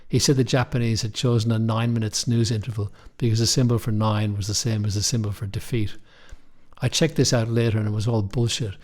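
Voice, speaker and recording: A young man narrating a first-person story in a measured, wry way. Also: on the low side, a little mellow. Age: young adult. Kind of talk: scripted audiobook narration.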